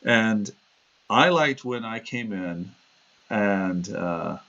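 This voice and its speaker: This livestream host speaks extremely slowly in a fairly low, creaky, somewhat bright voice, expressive as he drifts between anecdotes. He chuckles at himself and acts out quoted voices, all over dull, compressed-sounding stream audio.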